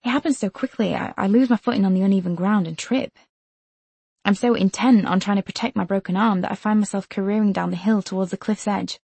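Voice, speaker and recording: Woman, audiobook narrator, first-person novel, measured tense delivery, gravelly, dry recording. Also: medium pitch, warm tone, no room sound.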